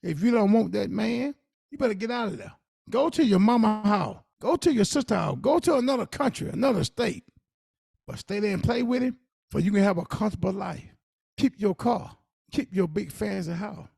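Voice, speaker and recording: A man's voice: high voice, a little fast, vocal fry, breathy edge, no room sound, studio quality. A middle-aged man co-hosting a podcast, talking emphatically in casual dialect and telling stories from his own life. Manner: emphatic, animated storytelling with dialect speech. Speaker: podcast co-host. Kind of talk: casual conversational advice.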